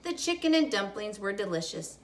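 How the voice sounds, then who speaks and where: A woman reading a children's chapter book aloud to kids, expressive and animated. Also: mid-range voice, fairly quick. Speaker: storyteller for children.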